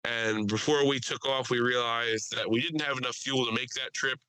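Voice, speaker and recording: A man's voice: medium pitch, steady tone, moderate pace, bright, forceful tone, clear, resonant tone, no room sound, natural voice, rough recording. A man voicing a formal, apologetic airline captain with a thick South African accent.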